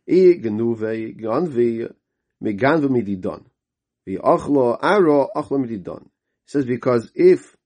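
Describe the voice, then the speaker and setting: A man at a middle pitch leads a Talmud study lesson. He reads each Aramaic phrase aloud and then explains it in plain English. He often repeats himself and restarts words as he works through the text. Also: darkish tone, husky. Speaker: Talmud teacher.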